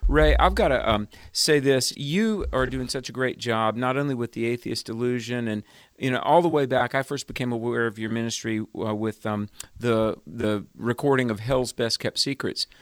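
A man's voice: mid-range voice, moderate pace, no room sound. An earnest man co-hosts a casual interview and frames a long question with compliments for his guest. His voice is mid-range, recorded dry and close. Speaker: co-host.

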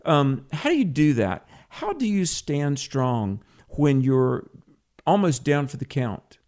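A man's voice: fairly high pitch, very animated, slow, a little mellow. A man hosting a live Christian radio talk show from a home studio, upbeat and chatty, with many fillers and restarts. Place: home studio with a cat nearby.

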